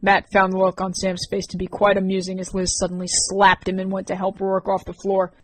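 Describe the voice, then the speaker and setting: A woman reads an audiobook chapter in an even, steady voice. Her pitch sits in the middle range. The recording is dry, with no room sound. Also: a little fast, no echo. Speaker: audiobook narrator. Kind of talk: audiobook narration.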